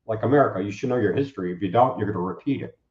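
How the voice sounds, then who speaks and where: A man talking as a guest, preaching in a casual, animated way and acting out the people he quotes. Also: lowish voice, very fast. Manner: animated, acts out quoted speakers. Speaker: guest, Bible teacher. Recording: roomy, dull lo-fi sound.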